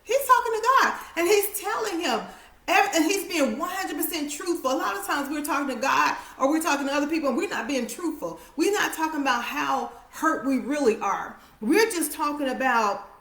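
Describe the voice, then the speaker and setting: High-voiced woman preaching in an echoey room. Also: moderate pace. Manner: repetitive emphatic preaching, drops to soft quiet lines. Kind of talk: sermon.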